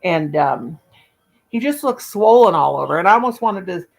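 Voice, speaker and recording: A woman's voice: lowish voice, animated, normal speed, gravelly, low-quality recording. A woman hosting her own channel, telling a long personal story in a rambling, folksy, casual way. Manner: rambling, folksy, talks in long run-on anecdotes. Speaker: crochet channel host.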